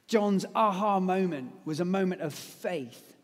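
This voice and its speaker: A man preaching a lively, conversational sermon that retells a story, with casual asides. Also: high voice, a little slow. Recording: long hall reverb.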